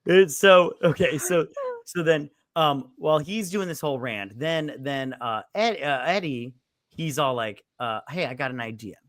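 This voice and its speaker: A man's voice: on the high side, lively intonation, a little slow, fairly bright tone, no room sound, studio quality. A man casually retelling movie scenes on a podcast, rambling with lots of fillers and swearing. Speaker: podcast co-host. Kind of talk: casual movie review chat.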